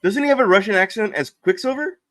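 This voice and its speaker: A man co-hosting a casual pop culture podcast, self-deprecating and quick to apologize. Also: high voice, expressive, bright, forceful tone, dry recording. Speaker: podcast co-host.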